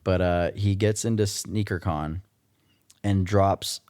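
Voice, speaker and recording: A man's voice: deep voice, steady tone, slow pace, a little mellow, clear, resonant tone, no room sound, clean studio sound. A man hosting a solo podcast, ranting in a casual, blunt and profane way. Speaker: podcast host.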